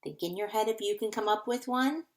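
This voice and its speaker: A woman's voice: medium pitch, fairly quick. A woman teaching a phonics lesson to young children, patiently repeating words to sound them out.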